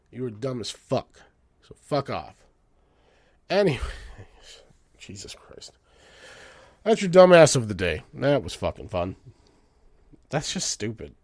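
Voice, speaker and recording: Sweary animated ranting man. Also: medium pitch, no echo. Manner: sweary, animated, swings between loud outbursts and mutters. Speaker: podcast host. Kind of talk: profane comedic rant.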